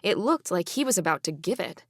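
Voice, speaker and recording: A woman narrating a fantasy audiobook in the first person, expressive and indignant. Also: lowish voice, fairly quick, dry recording, studio quality.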